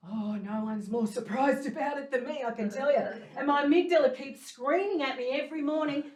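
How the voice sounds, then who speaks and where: A woman's voice: sits high, brisk, hardly any pauses, a little mellow. A middle-aged woman performing a chatty, self-deprecating stand-up monologue on a live stage, laughing often at her own jokes. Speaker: stand-up comedian. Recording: roomy, from a distance.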